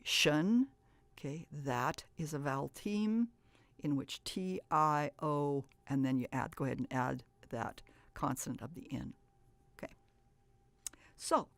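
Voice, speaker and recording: A woman with a low voice and a gravelly edge gives a reading lesson. She is patient and encouraging and goes through each point step by step. The sound is dry and close, with no room around it. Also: no echo. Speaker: teacher. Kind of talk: instructional presentation.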